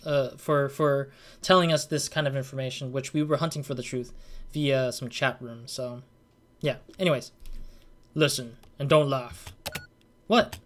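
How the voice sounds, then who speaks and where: A man's voice: mid-range voice, steady tone, normal speed. A young man casually commenting on a game he is playing, thinking aloud in a rambling way and leaning on fillers. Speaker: let's play gamer.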